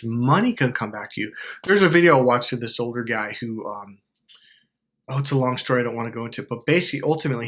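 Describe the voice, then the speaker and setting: A man of middle pitch talking straight to camera, loose and rambling, full of fillers and restarts. He acts out quotes with sudden leaps up and drops down in his voice. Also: a bit bright. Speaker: self-help YouTuber. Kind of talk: casual advice to camera.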